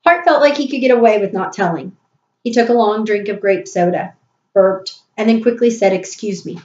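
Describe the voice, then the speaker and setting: A woman narrating a storybook in an even, clear way. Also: medium pitch, normal speed. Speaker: audiobook reader. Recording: roomy, dull recording.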